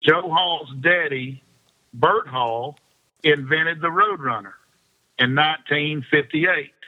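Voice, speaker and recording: In a casual interview chat, a man who fishes professionally rambles through lengthy anecdotes, laughing frequently. He speaks slowly in a slightly high voice, and the recording sounds dull and lo-fi.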